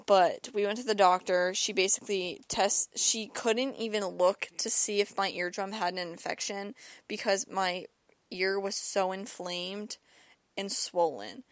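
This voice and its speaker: A young woman hosts her own podcast, her voice medium in pitch with a fairly bright tone, recorded dry. She's sick with an ear and throat infection as she rambles casually through a personal story, repeating words and saying "like" a lot.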